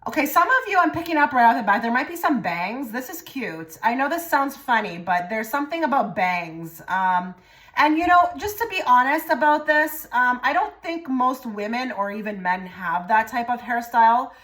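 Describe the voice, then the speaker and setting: Woman, tarot reader, rambling, repeats herself, drops into soft murmurs. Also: fairly high pitch, lively intonation, moderate pace. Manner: rambling and repetitive, often trailing into soft murmured phrases. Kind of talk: pick-a-card tarot reading.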